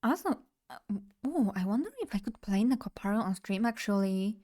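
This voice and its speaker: A young woman chatting casually on a live stream, playful and loose as she talks straight to her chat. Her voice sits at a middling pitch for a woman, neither high nor low. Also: lively intonation, brisk, warm tone.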